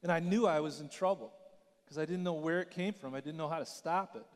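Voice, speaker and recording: A man's voice: on the high side, a little fast, big-room sound. A middle-aged man preaching a sermon as a pastor, telling a personal story in a conversational way and asking the audience questions.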